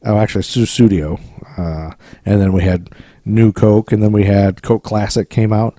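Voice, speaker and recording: Casual man, dark mellow voice. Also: lowish voice, steady tone, normal speed, no room sound, clean studio sound. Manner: rambling, jokey, tries silly accents and sings snatches. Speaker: podcast co-host. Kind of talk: casual chat about eighties pop culture.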